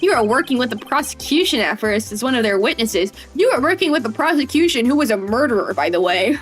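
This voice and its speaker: A woman's voice: a little high, expressive, fast, husky, faint music behind. A woman reading the lines of an earnest young male defense lawyer from a game. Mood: exasperated. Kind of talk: reading game dialogue aloud.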